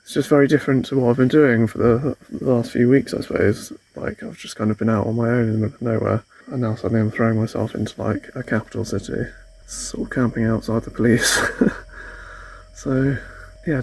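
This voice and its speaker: Mellow-voiced rambling vlogger. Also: male voice, medium pitch, steady tone, brisk, creaky. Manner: rambling, tentative, laughs at himself. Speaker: van life vlogger. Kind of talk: casual vlog chat. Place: outdoors in a city and in a van.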